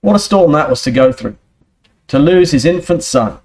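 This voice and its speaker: A man's voice: a little high, lively intonation, moderate pace, darkish tone. A man preaching a sermon with earnest emphasis and rhetorical questions, speaking.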